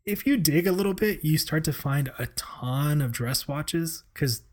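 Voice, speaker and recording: A man's voice: a little high, lively intonation, a little slow. Rambling man hosting a casual chat. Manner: rambling, hesitant, laughs often. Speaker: podcast host.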